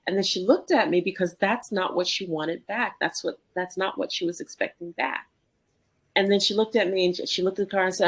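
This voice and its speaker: Low-voiced woman telling a lively story. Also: moderate pace. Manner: animated, re-enacts dialogue in her story. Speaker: podcast co-host. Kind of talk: conversational storytelling.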